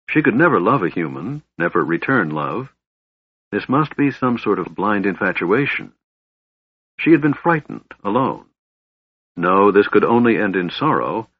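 A man narrating a fantasy audiobook in a measured storytelling manner. His voice is low and husky. The recording is dry and somewhat dull. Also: no echo. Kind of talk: scripted narration.

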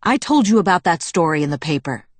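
A woman reading the part of a sullen, gruff middle-aged father in an audiobook, with curt, grumbling lines. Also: lowish voice, big pitch swings, fast, no room sound.

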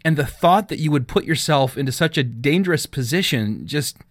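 A man's voice: a little high, animated, fairly quick, no room sound, clean studio sound, voice pushed up, close to an everyday voice. A man as a fatherly police chief. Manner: gentle, emotional. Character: fatherly small-town police chief and pastor.

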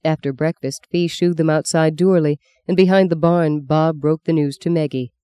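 An audiobook narrator reading a literary novel in an even, expressive storytelling manner. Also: mid-range voice, moderate pace, clear, resonant tone, no room sound, clean studio sound.

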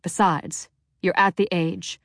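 A woman's voice: lowish voice, steady tone, takes it slowly, vocal fry, fairly bright tone, no echo, clean studio sound, exaggerated voice. A woman voicing a stressed, harsh middle-aged mother who speaks in a tense, clipped way, in an audiobook. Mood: choked.

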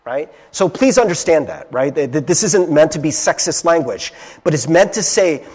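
A young man from Ohio gives a conversational sermon in a high, lively voice that swings widely in pitch. He sounds earnest and confiding, often pausing to check in with a quick "right?". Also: husky. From Ohio, USA. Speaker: preacher.

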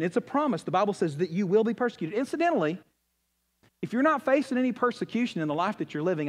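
A pastor preaches in a folksy, conversational style, acting out the voices of people he quotes. He swings between loud, high bursts and low, hushed lines.

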